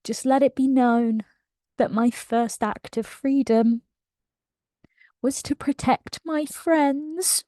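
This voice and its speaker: A woman's voice: mid-range voice, slow pace, dry recording, clean studio sound. A British woman voicing a sassy, loyal fire sprite. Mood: tender.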